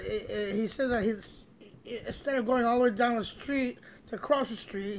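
A man's voice: high voice, a little hiss or hum. A man telling a comic anecdote in a rambling way, with many restarts and fillers. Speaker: storyteller.

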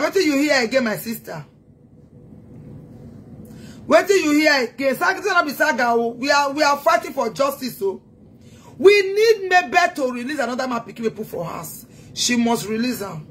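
A woman's voice: sits high, sing-song, normal speed, a bit bright, slight background noise. A woman with a Nigerian accent delivering a heated, taunting social media rant as a self-styled activist. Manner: taunting, scolding, emphatic.

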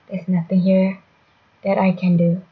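A gaming channel host narrates her own let's-play in a husky, medium-pitched voice, muttering, poking fun at herself and breaking into sudden exclamations. Loud electronic game music plays behind her, and the audio quality is poor.

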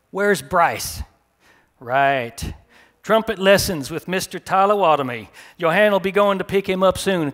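A man's voice: sits high, fairly bright tone. A man reading his short story aloud at a live café event, in a dry, wry first-person storytelling manner.

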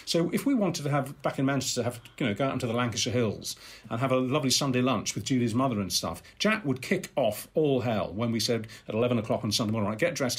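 Lively husky older man telling stories. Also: mid-range voice. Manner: animated, halting restarts, acts out voices. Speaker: podcast guest. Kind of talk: anecdotal storytelling.

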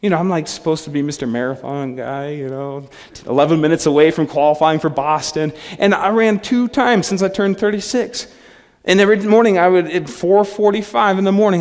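Man in his thirties, pastor's sermon, slightly high voice, casual asides, long echo of a church hall. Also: fairly quick, a little mellow. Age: 30s. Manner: conversational, self-deprecating storytelling with frequent asides. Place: church sanctuary.

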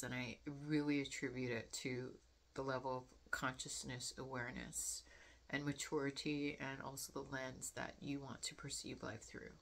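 A young woman talks at length to her viewers in a loose, meandering way, leaning on fillers and pausing to reflect. Her voice sits low, with a gravelly fry running through it. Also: fairly bright tone. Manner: chatty, frequent fillers, laughs often, reflective. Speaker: vlogger. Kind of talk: casual rambling monologue.

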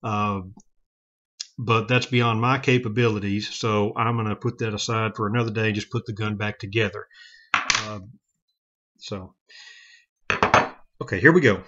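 A man's voice: lowish voice, flat delivery, dull audio, heavy background noise. Plain-spoken man explaining a revolver teardown. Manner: plain-spoken, halting, frequent restarts and self-corrections. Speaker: gun hobbyist demonstrating revolver repair. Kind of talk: casual how-to demonstration.

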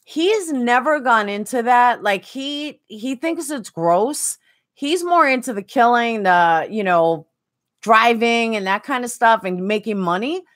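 A woman's voice: a little high, expressive, a little slow, a bit bright. A woman streaming a game, chatting casually and answering viewers by name. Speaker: game streamer reading chat. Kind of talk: casual chat while gaming.

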